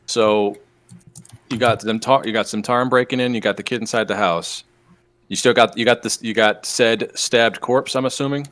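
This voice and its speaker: A man's voice: lowish voice, steady tone, normal speed, fairly bright tone. A man playing a tabletop role-playing game, talking hesitantly with lots of ums. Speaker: player.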